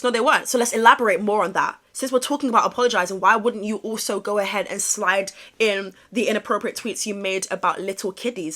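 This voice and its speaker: Sassy bright-voiced woman vlogger. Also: medium pitch, fast talker. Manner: sassy, exasperated, dramatic. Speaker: commentary vlogger. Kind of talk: gossip commentary.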